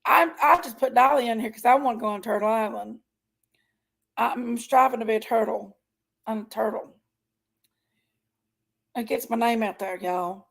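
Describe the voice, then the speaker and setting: Lady rambling on her livestream, kinda high voice, gravelly edge, folksy and chatty. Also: moderate pace, long pauses. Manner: chatty, greets viewers by name, folksy. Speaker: livestream host. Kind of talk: casual livestream chat.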